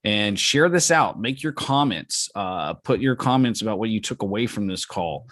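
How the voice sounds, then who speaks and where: A man's voice: lowish voice, animated, moderate pace, a bit bright, no echo. A man hosting a business mastermind call, giving folksy, encouraging advice with many fillers and restarts. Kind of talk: casual coaching talk.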